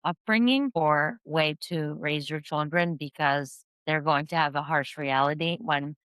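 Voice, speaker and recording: A woman with a notably low, smooth voice speaks as a podcast guest, a parent coach who explains her ideas in an earnest, measured manner. The recording is close and dry, with no room sound. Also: fairly bright tone, no echo. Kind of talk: podcast interview.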